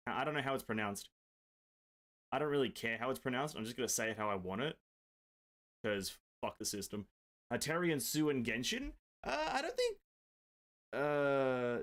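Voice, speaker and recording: Guy on a game stream at his desk, chatty, reads out chat, jokey and swears a bit. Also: mid-range voice. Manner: chatty, reads out and answers viewer comments. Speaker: gaming streamer. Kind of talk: casual live-stream chat. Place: home desk setup.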